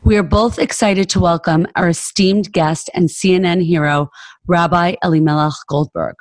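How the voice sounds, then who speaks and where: An effusive woman co-hosts a podcast, opening the show and welcoming a guest with plenty of enthusiasm. Her voice sits a little low and carries a roomy echo. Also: fairly even intonation, normal speed. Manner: effusive, lots of "wow". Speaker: podcast co-host. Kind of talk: podcast interview.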